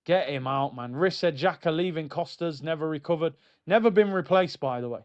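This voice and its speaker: A man's voice: fairly high pitch, a little fast, smooth, dull audio. A man hosting a live football watchalong, ranting in exasperation and reading out chat messages. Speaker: host of a football watchalong stream.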